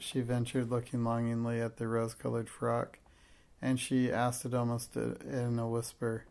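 A man reading a classic children's story aloud with steady, measured storytelling. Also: mid-range voice, vocal fry. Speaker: narrator. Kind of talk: audiobook narration.

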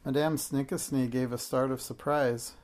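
A storyteller reading a children's story aloud with steady, expressive narration. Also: medium pitch, normal speed.

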